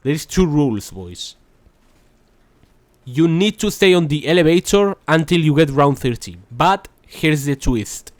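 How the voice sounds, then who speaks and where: With a high-ish, lively and unhurried voice, a young gaming host gives rambling, casual commentary as he plays. He leans on "boys" and "that's crazy" and mutters frustrated asides, all on a dry close mic with no room sound.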